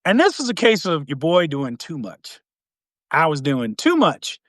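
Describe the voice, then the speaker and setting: Man, slightly high voice, animated storyteller, dry close mic. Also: measured pace, no room sound. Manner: animated, acts out quotes with swings in pitch and volume. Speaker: podcast host. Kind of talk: casual storytelling.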